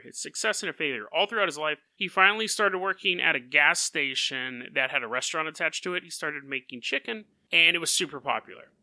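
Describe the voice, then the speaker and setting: A man tells a story on his podcast in a high, very bright voice that swings widely in pitch. He keeps the delivery animated and often laughs mid-sentence, close on a podcast mic in a dry room. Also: dry recording. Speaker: podcast host.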